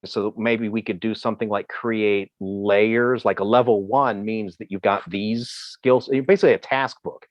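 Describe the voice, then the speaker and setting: A man from Ohio answering questions as a presenter in a video call, talking in a halting way with many fillers and restarts. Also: lowish voice, fairly even intonation, no echo, lo-fi sound. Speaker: presenter on emergency communications. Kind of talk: Zoom Q&A answer.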